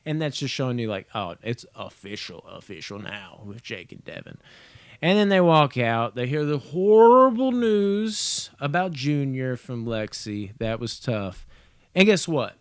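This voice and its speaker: A man's voice: medium pitch, very animated, a little slow, smooth, no room sound, studio quality. Rambling, profane young man reviewing. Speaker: movie and TV reviewer. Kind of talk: casual spoken episode review.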